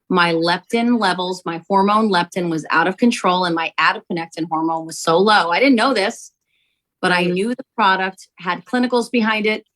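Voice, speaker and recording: A woman, a company founder, telling an animated testimonial story to sell her product, acting out quotes as she goes. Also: lowish voice, rough recording. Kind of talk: testimonial sales pitch.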